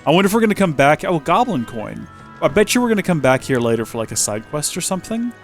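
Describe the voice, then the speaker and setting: A man's voice: on the high side, sing-song, fast talker, soft background music. A man chatting and joking as a let's play host, rambling as he plays. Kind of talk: gameplay commentary.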